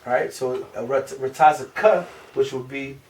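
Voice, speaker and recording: A man with a Chicago accent teaching a small group class, asking questions and slowly repeating syllables. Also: mid-range voice. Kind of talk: informal group language lesson. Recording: distant room mic with faint noise.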